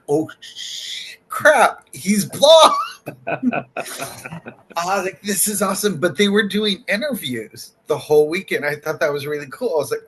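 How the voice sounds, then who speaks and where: A man's voice: on the high side, breathy edge. A man guesting on a podcast, chatting casually and acting out conversations as he tells stories, laughing often. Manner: animated storyteller who acts out quoted exchanges, laughing often. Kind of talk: casual chat.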